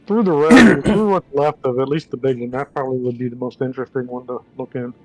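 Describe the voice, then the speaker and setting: A man's voice: medium pitch, quick pace, over music. A man playing a tabletop game who jokes and nudges the other players in casual chat. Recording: dull, lo-fi microphone.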